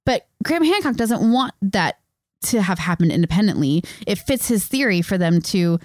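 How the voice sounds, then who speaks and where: A woman with a mid-range voice co-hosts a podcast, talking in an animated, emphatic way and laughing easily. The recording is dry and close to the mic. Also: mid-range voice, normal speed, no echo. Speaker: podcast co-host. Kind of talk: casual chat.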